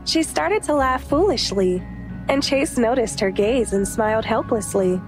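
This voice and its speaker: A woman with a high voice narrates an audiobook in a steady, even way. Soft music plays faintly underneath her reading. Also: measured pace. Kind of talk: scripted narration.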